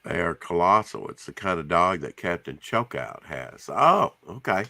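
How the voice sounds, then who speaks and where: A man's voice: low-pitched, very animated, normal speed, vocal fry, sharp tone, no room sound. A man co-hosting a casual livestream chat, reading chat and cracking dry jokes. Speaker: co-host.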